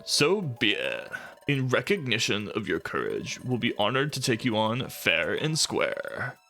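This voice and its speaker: A smug, bullying skunk gang boss talks in a slack dude-bro voice, put on by a man reading a game aloud. The tone is bright and lively, rising and falling a lot. Soft music runs behind. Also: fairly low pitch, unhurried, gravelly, pitched below the performer's own voice, full character voice.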